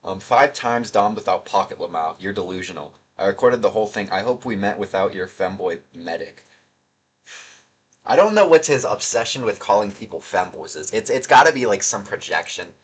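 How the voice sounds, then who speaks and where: Young man, low husky voice, casual gaming commentary, mocking tone. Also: lively intonation, moderate pace. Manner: sarcastic, mocking, rambling with restarts. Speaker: gaming video creator. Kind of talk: casual commentary reading chat messages.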